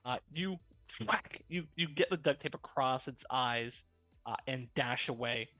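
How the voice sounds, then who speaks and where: A man narrating as game master, chatty and relaxed, with a lot of filler words. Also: mid-range voice, unhurried, dry recording, soft background music.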